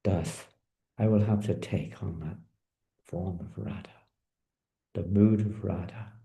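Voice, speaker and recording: A man voicing a tender divine lord who gently questions his queen, as part of a told story. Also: on the low side, sing-song, normal speed, echoey room. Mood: contemplative.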